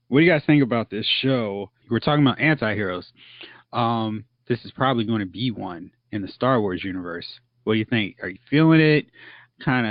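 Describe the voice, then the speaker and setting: A man hosts a movie podcast in a relaxed, chatty way, steering the talk between topics. His voice sits on the low side. The sound is dull and dry, with no room around it. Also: no room sound. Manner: leads segments, loose and chatty with filler words. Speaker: podcast host. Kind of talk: casual movie podcast chat.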